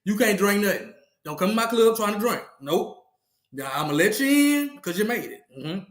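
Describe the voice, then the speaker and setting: A man's voice: high voice, fairly quick, fairly bright tone, roomy sound. A man hosting a casual comedic podcast monologue, playfully trash-talking, laughing often and repeating his lines. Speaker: podcast host.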